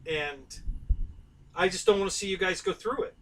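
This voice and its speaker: A man's voice: high voice, normal speed, bright, forceful tone, far from the mic, a little hiss or hum, poor audio. A middle-aged man, hosting a casual live stream and rambling to his viewers by name.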